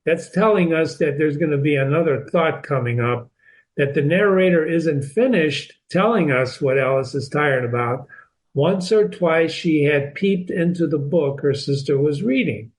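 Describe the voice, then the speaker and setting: Guy teaching a book lesson, bit high voice, keeps restarting words to drive points home. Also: lively intonation, unhurried, low-quality recording. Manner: explanatory, repeats and restarts words, stresses key points. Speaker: literature teacher and channel host. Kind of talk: recorded reading lesson.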